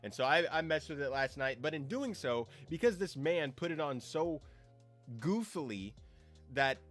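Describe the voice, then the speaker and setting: A man's voice: on the high side, moderate pace. A young man, casually chatting with his stream chat as host of a watch party, loose and full of fillers. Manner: loose and animated, lots of fillers, jumps between loud calls and mumbled asides. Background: soft lo-fi music.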